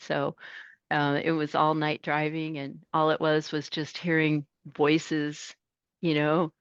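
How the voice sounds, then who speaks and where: A woman in her fifties, a truck driver, telling stories in a casual interview, animated and laughing as she acts out voices. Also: low voice, smooth, no echo, dull audio.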